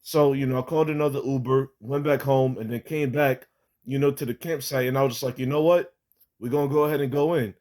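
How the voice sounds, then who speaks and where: A man's voice: mid-range voice, steady tone, a little fast, darkish tone. A young man giving a casual spoken religious testimony, rambling with many fillers, restarts and casual swearing.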